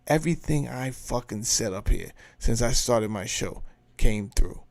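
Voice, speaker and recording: A man's voice: mid-range voice, expressive, moderate pace. A man hosting his own show, giving blunt, profane, emphatic commentary in a casual rant. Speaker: show host commenting on a clip.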